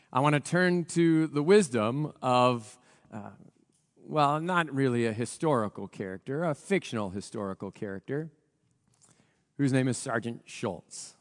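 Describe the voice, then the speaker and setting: A male pastor giving a sermon in an earnest, reflective way, his voice a little rough, with pauses and restarts. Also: mid-range voice, long reverb tail. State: voice a little rough from recent strain.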